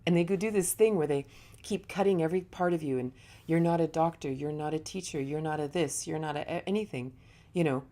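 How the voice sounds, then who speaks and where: A woman yoga teacher giving a reflective spiritual talk, telling stories in a relaxed, conversational way. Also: low voice, fairly quick.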